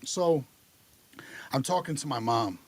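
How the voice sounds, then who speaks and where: A man's voice: mid-range voice, measured pace. A man telling his recovery story on a podcast in a candid, casual way. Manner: candid, lively retelling with acted dialogue.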